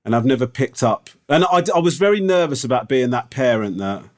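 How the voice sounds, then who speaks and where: A man's voice: medium pitch, big pitch swings, a little fast. A man co-hosting a podcast, telling a rambling, self-deprecating story in casual chat. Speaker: podcast co-host.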